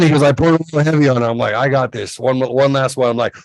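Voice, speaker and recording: Male, 40s, podcast co-host, animated storyteller, voices other people, dry close sound. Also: mid-range voice, quick pace, no room sound, low-quality recording. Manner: animated, acts out quotes in a raised voice. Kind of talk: casual storytelling chat.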